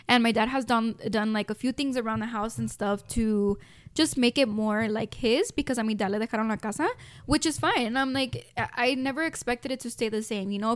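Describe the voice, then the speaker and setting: A woman's voice: on the high side, no room sound, clean studio sound. Heartfelt young Mexican American woman host. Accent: Mexican American English with Spanish mixed in. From United States. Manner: heartfelt, talks straight to listeners as "you guys". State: choked up with emotion. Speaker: podcast host. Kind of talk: reflective casual monologue.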